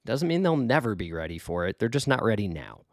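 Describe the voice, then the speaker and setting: Middle-aged man, lowish voice, gravelly, dry close sound, earnest casual advice, rambling. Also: big pitch swings, brisk, no echo. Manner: earnest, rambling, with many fillers and restarts. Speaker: podcast host giving life advice. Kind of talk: casual reflective monologue.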